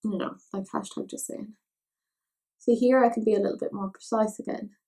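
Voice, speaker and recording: A woman's voice: mid-range voice, fairly even intonation, brisk, mellow. A young Irish woman chatting casually while doing her makeup, rambling and poking fun at herself. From Ireland. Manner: chatty, self-mocking, rambling asides. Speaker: makeup vlogger.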